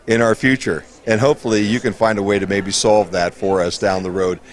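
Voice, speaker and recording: A man's voice: fairly low pitch, steady tone, brisk. Friendly male science fair interviewer. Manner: friendly, chatty, laughs easily. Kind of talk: casual interview. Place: busy science fair hall.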